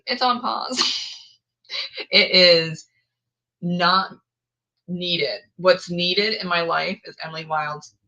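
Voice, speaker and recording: Woman rambling about her books, slow and easy, laughs a lot. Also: lowish voice, pushed and bright, highs cut off. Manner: chatty, rambling, laughing asides. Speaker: booktuber live streamer. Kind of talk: casual chat.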